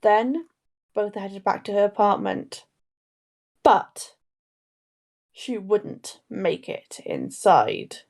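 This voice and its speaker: A woman's voice: mid-range voice, big pitch swings, takes it slowly, long pauses, a little mellow. A young woman co-hosting a casual true crime podcast, rambling and breaking into her own story. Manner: rambling, self-interrupting storyteller. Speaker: podcast co-host.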